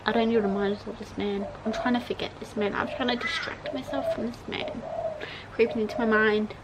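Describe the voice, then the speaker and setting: Gushing over the songs, a young woman reacts emotionally to an album in a casual vlog while pop music plays. She speaks fairly quickly in a highish, fairly even voice, with heavy background noise around her.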